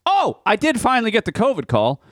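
A man's voice: high-pitched, wildly swooping pitch, fairly quick, no room sound, studio quality. A man co-hosting a podcast in casual chat, telling rambling, profane stories and laughing often. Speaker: podcast co-host.

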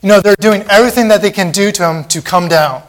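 A man's voice: high-pitched, fast. A man preaching a sermon in a church, impassioned and repetitive, acting out the mocking voices of a crowd.

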